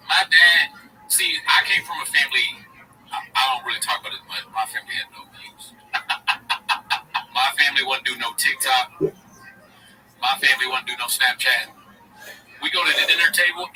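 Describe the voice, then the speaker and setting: A man's voice: a little high, sharp tone, far from the mic, poor audio. A man parodying a swaggering young male podcaster who brags in slangy bro talk. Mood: preachy. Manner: brash slangy bragging, calls listener bro.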